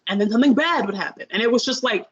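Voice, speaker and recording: A young woman with a fairly high voice talks through a show review in a loose, animated, rambling way, piling on asides. Her sound is dull and lo-fi, as if from a basic setup. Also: racing, slightly rough. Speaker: podcast co-host. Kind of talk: casual review chat.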